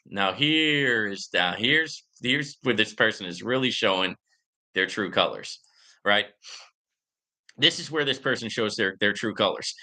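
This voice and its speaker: Animated man with a very sharp voice. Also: on the low side, unhurried. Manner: animated, joking, comical voice inflections. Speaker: YouTube channel host. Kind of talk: casual commentary to viewers.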